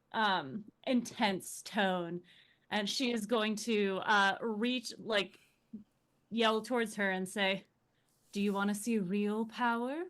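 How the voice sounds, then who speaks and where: A woman's voice: medium pitch, bright, forceful tone. A woman playing a tabletop game who describes her character's actions casually, with many fillers and giggles. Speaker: player.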